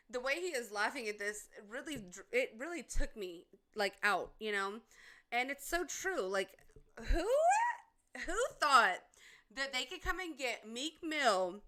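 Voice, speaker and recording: This is a woman with a bright, fairly high voice. She talks through a clip in a casual reaction style, rambling and full of fillers, and she sounds like she is enjoying herself. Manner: chatty, loose, many fillers.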